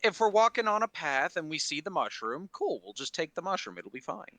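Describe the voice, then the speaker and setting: A man's voice: fairly high pitch, sing-song, a little fast, bright, forceful tone, no room sound. A man playing in a tabletop game over voice chat, laid-back and easygoing. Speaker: player.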